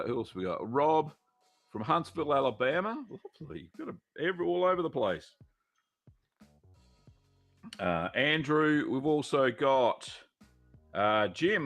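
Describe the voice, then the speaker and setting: Gravelly Australian man hosting a live stream. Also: medium pitch, fairly bright tone. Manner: rambling, friendly, many fillers, greets viewers by name. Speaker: host of a live cheese-making Q&A show. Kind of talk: casual live-stream chat.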